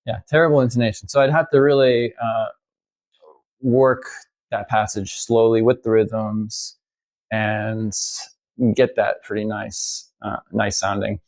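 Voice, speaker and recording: A man giving a casual violin lesson, talking in a halting way with many fillers and restarts. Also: fairly low pitch, fairly even intonation, darkish tone. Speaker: violin teacher. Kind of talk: casual instructional talk.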